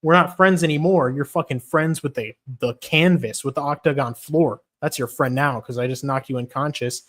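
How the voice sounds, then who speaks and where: A man's voice: a little high, moderate pace, a bit bright. A man putting on a cocky male fighter who teases his opponent in a mocking, sing-song voice. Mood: taunting.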